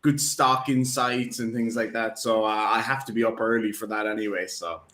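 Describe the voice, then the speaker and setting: A man's voice: lowish voice, steady tone, normal speed, pushed and bright. A man in casual live-stream chat, rambling and joking with lots of ums and uhs. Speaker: guest. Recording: roomy echo.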